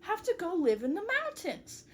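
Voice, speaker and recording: A woman's voice: very high-pitched, huge pitch swings, moderate pace, a little mellow, pitched above the performer's own voice, exaggerated voice. A woman voicing a bewildered young male cat seer who is confused and startled. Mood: uneasy.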